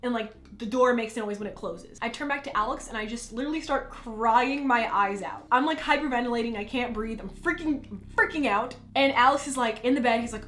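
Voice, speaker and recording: A woman's voice: a little high, a little fast. A young woman telling a story casually, full of "like" fillers. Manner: chatty, filler-heavy, animated storytelling. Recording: echoey room with faint ambience.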